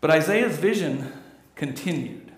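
A man's voice: fairly high pitch, expressive, unhurried. A middle-aged male pastor preaching a sermon with earnest delivery that rises and falls. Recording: echoey church room.

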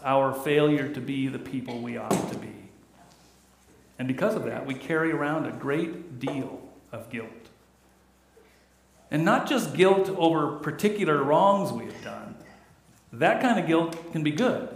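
A man's voice: mid-range voice, gravelly. A middle-aged male pastor preaching a sermon with earnest delivery that rises and falls. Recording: echoey church room.

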